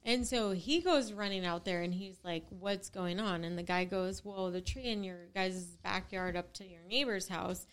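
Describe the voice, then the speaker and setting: A young woman in casual chat, telling a story with lively quotes and casual swearing. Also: fairly low pitch, normal speed, few pauses, smooth. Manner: animated, swears freely, acts out quotes.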